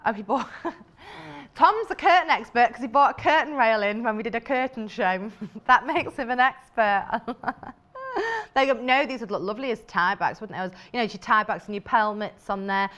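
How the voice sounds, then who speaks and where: With a fairly high, fairly bright voice, a woman with a British accent shows off fabrics on a live shopping broadcast. She talks in an enthusiastic, conversational way, peppering it with fillers and remarks aimed at her crew.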